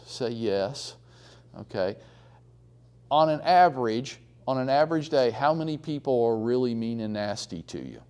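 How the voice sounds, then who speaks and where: A man giving a blunt, animated real estate training talk to a live room, acting out quotes as he tells stories. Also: mid-range voice.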